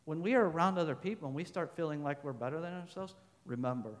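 On the high side and quick, a male pastor delivers a sermon in a long hall reverb. He reads scripture verses aloud and drives his points with repeated phrases, rising to loud stresses before dropping soft.

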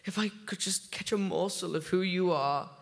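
Guy doing a pompous show-off praying loud and flowery, high pitched, far off the mic. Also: moderate pace, creaky. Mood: grandiose. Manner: grandiose, theatrical and pompous. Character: pompous self-satisfied man spouting a flowery nonsense prayer. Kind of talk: comedy sketch acting.

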